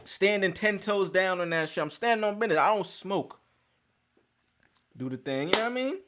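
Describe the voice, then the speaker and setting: A man's voice: high-pitched, animated, moderate pace, fairly bright tone. A man hosting a podcast, telling a story in casual, profane slang and acting out the scenes. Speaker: podcast host.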